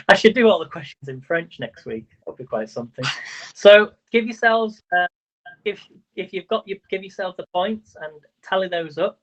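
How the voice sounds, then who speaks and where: A man's voice: high voice, lively intonation, unhurried, long pauses, fairly bright tone. A man hosting a livestream quiz, chatty and stumbling over words as he counts up scores. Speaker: quiz host. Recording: dull lo-fi livestream audio.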